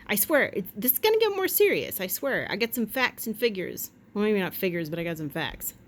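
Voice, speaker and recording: A woman chatting at home in a rambling, jokey way, with quick asides and silly voices. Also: mid-range voice, big pitch swings, slight background noise. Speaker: vlogger. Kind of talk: casual chat.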